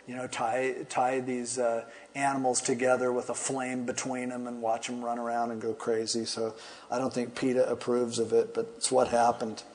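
A man's voice: medium pitch, a little mellow. Guy preaching like he's just chatting, tells the story loose and funny, medium voice. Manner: casual, storytelling, with humorous asides. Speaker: pastor. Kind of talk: conversational Bible teaching.

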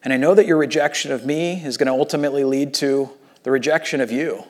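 A man voicing a hushed, grieving Jesus. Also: fairly high pitch, lively intonation, moderate pace, husky. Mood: sorrowful. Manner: hushed and pleading.

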